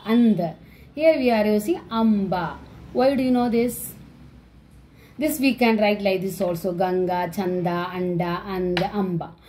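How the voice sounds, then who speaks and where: A woman teacher with an Indian English accent, giving an online class lesson. She explains slowly, repeating letters and words, with many fillers. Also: fairly high pitch, mellow, slight background noise, poor audio. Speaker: school teacher.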